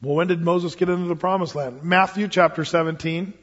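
A man teaching a Wednesday night Bible study as a pastor, telling stories with lively acted-out quotes. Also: high-pitched, a little fast. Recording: dull lo-fi sound with long hall reverb.

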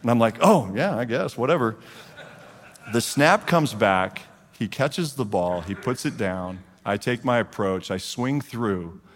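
A man in his forties, a guest speaker at a church men's group, gives a storytelling testimony and acts out the dialogue with lively energy. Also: fairly low pitch, unhurried. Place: church hall. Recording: long reverb of a large hall.

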